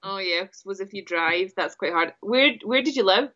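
A woman's voice: mid-range voice, animated, brisk, fairly bright tone. Teasing woman, dull lo-fi sound. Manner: playful, teasing, laughs often. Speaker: podcast co-host. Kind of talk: casual chat.

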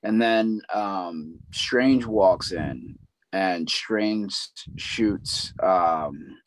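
A man with a fairly low voice chats loosely about a film. He retells it in a rambling way, with plenty of ums and likes. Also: extremely slow, slight background noise, low-quality recording. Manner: rambling retelling with many fillers. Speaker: movie recap co-host. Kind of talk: casual chat.

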